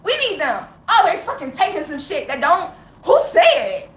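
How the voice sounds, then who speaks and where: A woman with a high, bright voice vents straight to camera in a raw, heavily profane rant. She is emotional and close to tears, and laughs bitterly between lines. Her voice rings in a roomy space with faint ambience behind it. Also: wildly swooping pitch, normal speed. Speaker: vlogger.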